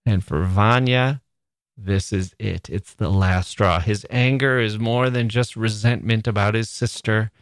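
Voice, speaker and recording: Male podcast host with a lowish voice and dry close-mic sound, earnest and emphatic as he explains. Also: clean tone, no room sound. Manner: earnest, emphatic, builds points through repetition. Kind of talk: literary analysis podcast.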